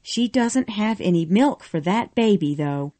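A woman's voice: medium pitch, expressive, measured pace, mellow, natural voice. Woman doing a motherly old housekeeper. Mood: tender. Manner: fussing, comforting.

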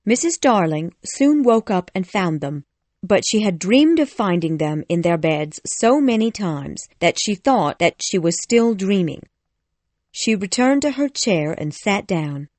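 A woman narrating a graded reader audiobook in a slow, careful, clearly articulated way. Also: mid-range voice, lively intonation, darkish tone, no room sound.

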